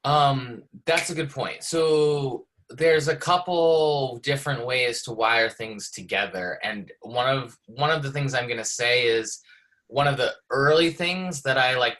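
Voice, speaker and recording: A man's voice: medium pitch, sharp tone, rough recording. A man presenting on a community video call, explaining a technical design as he thinks aloud, with many fillers and restarts.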